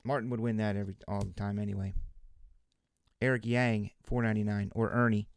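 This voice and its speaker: A man hosting a live card break, chatting casually with viewers as he opens cards, relaxed and joking. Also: lowish voice, brisk, gravelly. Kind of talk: casual live commentary while opening cards.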